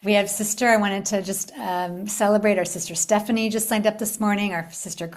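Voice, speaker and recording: Animated woman hosting a spiritual retreat talk. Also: mid-range voice, a little fast. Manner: animated storytelling with upbeat invitations and soft hushed stretches. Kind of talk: live online talk to a group.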